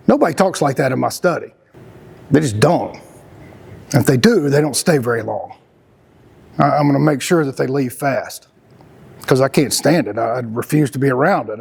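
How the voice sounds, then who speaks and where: A man's voice: medium pitch, creaky, a little mellow, slightly rough. A middle-aged man, talking casually and earnestly as a podcast host, rambling and emphatic with frequent restarts. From Texas. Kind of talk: casual conversational talk.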